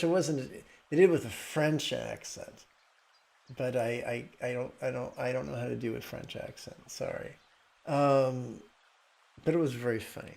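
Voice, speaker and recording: Gravelly calm meditation teacher. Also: male voice, medium pitch. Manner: calm, explanatory, with frequent restarts. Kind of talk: meditation talk.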